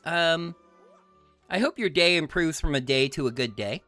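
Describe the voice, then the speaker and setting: A man's voice: on the high side, moderate pace, sharp tone, soft background music. A man streaming a video game, chatting playfully with his chat and laughing often. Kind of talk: let's-play commentary.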